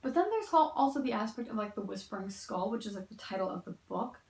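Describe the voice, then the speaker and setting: A woman's voice: mid-range voice, animated, fast, vocal fry, a little mellow. A young woman reviewing a book in a casual, rambling and opinionated way, heavy on "like" and "um", sounding tired as she sits in a chair indoors. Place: indoor room, sitting in a chair. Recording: echoey room.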